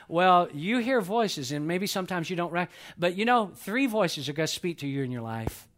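A middle-aged man preaching a sermon to his church, swinging between loud emphatic peaks and soft hushed lows. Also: lively intonation, normal speed. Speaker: pastor. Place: church sanctuary.

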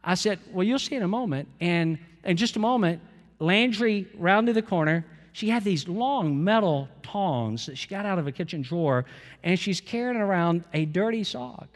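A man's voice: high-pitched, animated, normal speed, long reverb tail. A male pastor preaching a sermon in a conversational storytelling way, talking straight to the congregation.

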